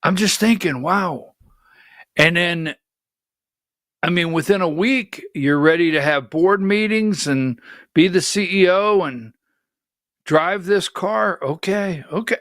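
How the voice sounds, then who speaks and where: A man's voice: sits high, expressive, slow, a bit bright, no room sound, studio quality. A man hosting a political livestream, talking bluntly and skeptically in rambling asides. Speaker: political talk show host. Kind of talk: opinionated livestream commentary.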